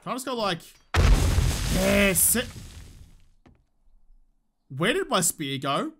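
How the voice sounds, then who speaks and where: A man's voice: sits high, sing-song, takes it slowly, gravelly, noisy background. A young Australian man giving casual, joking commentary over his gameplay, talking to the game and to himself. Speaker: gaming YouTuber.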